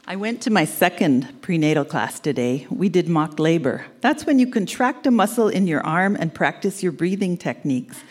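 A woman's voice: on the low side, expressive, normal speed, hardly any pauses, darkish tone. A woman in her sixties from Canada reading her old love letters aloud on a live stage, teasing and laughing through them. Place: live event centre stage.

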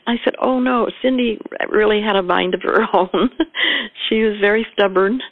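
An older woman, a bereaved mother, recalling her past in a measured storytelling voice, quoting herself and others as she goes. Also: mid-range voice, no echo, phone-quality sound. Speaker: interviewee, mother of a murder victim. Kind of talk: personal recollection.

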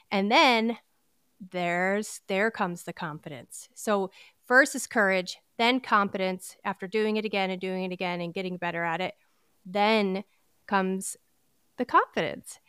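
A woman's voice: mid-range voice, fairly bright tone, smooth, no echo, studio quality. A woman hosting a personal podcast, talking in an earnest, candid and encouraging way, often restarting her sentences. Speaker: podcast host. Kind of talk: personal motivational podcast talk.

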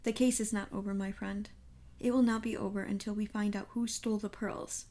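A woman's voice: medium pitch, flat delivery, brisk, dark tone, close to an everyday voice. A woman reading a fussy, precise old detective. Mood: calm, superior. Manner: precise, lightly sprinkled with French phrases. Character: fussy elderly male Belgian detective, calm, superior. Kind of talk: audiobook character reading.

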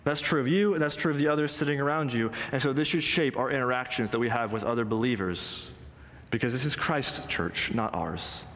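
A male pastor delivers an earnest, emphatic sermon in a mid-pitched voice. He slows down and leans into the lines he quotes. His voice rings out with the long reverb of a church sanctuary. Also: a bit bright, a little hiss or hum. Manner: emphatic, earnest preaching with slow stressed quotes.

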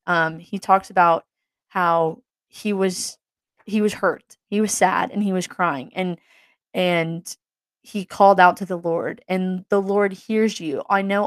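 A woman's voice: on the low side, no room sound. A young woman giving a casual, earnest faith talk, rambling with fillers and restarts. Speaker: Christian vlogger.

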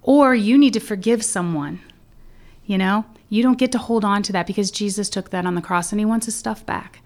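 A woman's voice: mid-range voice, fairly quick. A woman co-hosting a casual faith podcast, asking questions and telling stories with animation. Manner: animated storyteller, leads the discussion with questions. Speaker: podcast co-host.

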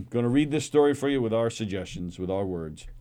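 A man's voice: fairly low pitch, lively intonation, a little fast, dark tone. A man hosting a comedy radio show, upbeat as he runs the segment and reads listener texts. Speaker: radio host.

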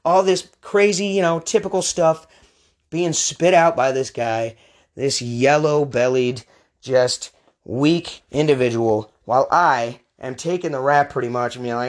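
A man in his thirties telling a comedic personal story in an animated, casual, slangy way. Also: mid-range voice, normal speed.

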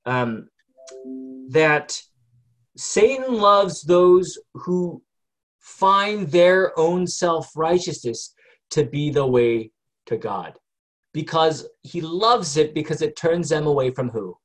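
A man's voice: on the high side, lively intonation, slow. A man leading a group Bible study in a conversational way, often asking the group questions and using many fillers.

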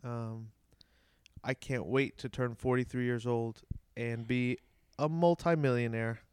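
Man, giggly co-host; clear, resonant voice, dry close sound. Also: medium pitch, fairly even intonation, measured pace, darkish tone, dry recording. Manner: giggly, laughs often. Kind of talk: casual podcast chat.

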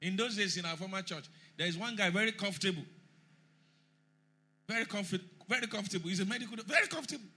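A man preaching a sermon emphatically, rising to shouts and leading the congregation in call and response. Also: high voice, quick pace, long pauses, slightly rough.

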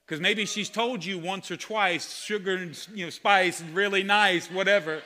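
A man preaching a sermon as pastor, animated, with sudden loud exclamations. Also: sits high, a little slow.

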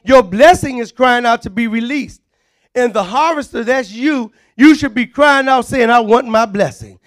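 A man preaching a fervent sermon, often shouting and calling on the congregation to respond. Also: extremely high pitch, normal speed.

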